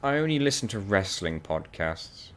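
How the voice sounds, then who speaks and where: A man's voice: on the low side, big pitch swings, moderate pace. A man chatting casually while playing a co-op video game, telling stories animatedly and laughing often. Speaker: co-op gaming channel host.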